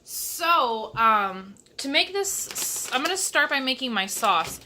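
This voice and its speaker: A woman's voice: sits high, big pitch swings, slow pace, background noise. A young woman from Michigan chatting casually through a cooking vlog in her home kitchen, with sassy asides. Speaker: vlogger.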